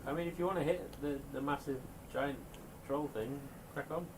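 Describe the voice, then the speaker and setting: A man's voice: fairly high pitch, moderate pace. A man, playing a tabletop game with an offhand, teasing manner. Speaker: player. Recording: background noise.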